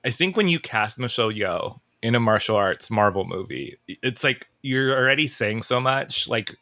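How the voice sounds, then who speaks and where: A man's voice: mid-range voice, lively intonation, normal speed, bright, forceful tone, dry recording, clean studio sound. A man guest on a podcast, chatting casually in an emotional, rambling way and second-guessing himself. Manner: emotional, rambling, self-questioning. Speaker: podcast guest, entertainment writer.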